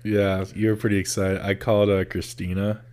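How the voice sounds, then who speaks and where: A man's voice: fairly low pitch, brisk. A young man chatting casually with a friend, swearing a lot and telling stories with plenty of laughter. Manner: animated storyteller, swears a lot, laughs often. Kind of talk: casual chat between friends.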